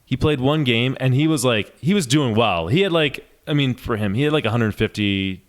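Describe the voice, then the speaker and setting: A man co-hosting a casual podcast, telling animated stories and laughing as he goes. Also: medium pitch, normal speed. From New York State. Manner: animated storyteller, laughs through his stories. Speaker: podcast co-host.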